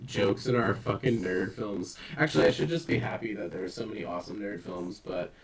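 A man's voice: fairly low pitch, brisk, far from the mic, a crowd in the background, poor audio. A man chatting casually as a podcast co-host, rambling and swearing often with self-mocking humor. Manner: rambling, profane, self-deprecating. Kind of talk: casual chat.

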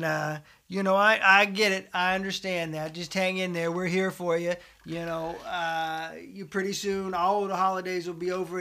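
A middle-aged man delivers a mock sermon in a high, bright voice. He keeps a folksy preacher cadence, full of fillers and restarts, and stays deadpan. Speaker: comedic host of a satirical show. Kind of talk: deadpan satirical preacher monologue.

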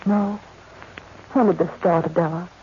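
A woman's voice: lowish voice, fairly even intonation, moderate pace, lightly acted. A woman playing Jane Eyre, anxious young governess. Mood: soothing. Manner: breathy, anxious inner monologue. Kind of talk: 1940s radio drama acting. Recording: noisy, muffled 1940s radio recording.

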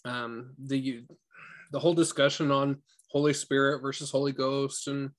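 A man's voice: mid-range voice, level tone, moderate pace. A young man in a casual book group discussion, chatty and laughing often, with many fillers. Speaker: book group member and audiobook reader.

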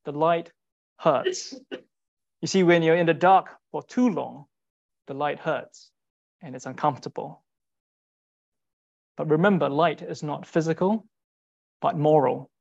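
A man giving a sermon in an earnest, rhetorical way, repeating short phrases and pausing for weight. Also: a little high, creaky, darkish tone, highs cut off. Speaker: speaker giving a Bible talk.

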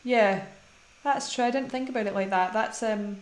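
A woman's voice: on the high side, moderate pace. A woman co-hosting a film podcast in a casual, rambling chat. She laughs often and trails off mid-thought. The sound is echoey and roomy. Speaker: podcast co-host. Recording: echoey room.

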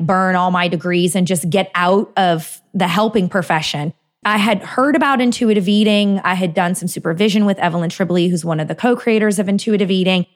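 A middle-aged woman, a dietitian and author, telling a personal story in a casual conversation, often laughing and acting out her own past thoughts. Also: on the low side. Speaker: dietitian and author, interview guest.

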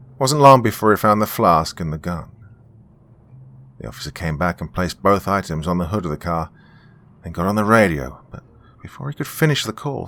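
A man narrating a scripted horror story in a steady storytelling manner. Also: low voice.

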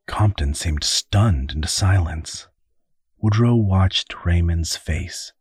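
A man narrating an audiobook in a steady storytelling manner. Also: sits low, a little slow, slightly rough, no room sound, clean studio sound. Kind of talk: scripted narration.

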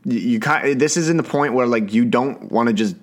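A young man from Canada hosting a solo podcast in a casual chatty way, talking fast, stumbling over words and swearing now and then. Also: mid-range voice. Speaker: podcast host.

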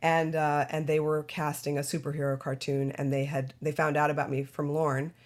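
A middle-aged actress talking about her career as a podcast guest, animated and chatty, often breaking into laughs. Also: low-pitched, normal speed. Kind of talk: casual interview chat.

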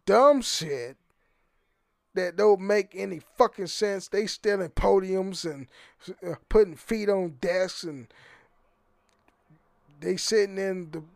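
A man's voice: high-pitched, slow, creaky, pauses often, no echo, clean studio sound. A man hosting his own podcast, rambling and swearing freely, often stumbling over repeated words and laughing. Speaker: podcast host. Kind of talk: casual solo podcast rant.

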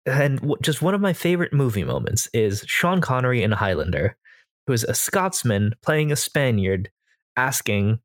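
A man's voice: medium pitch, no room sound, studio quality. An American man co-hosting a podcast as a game master, casually explaining voice tips at length. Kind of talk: casual chat.

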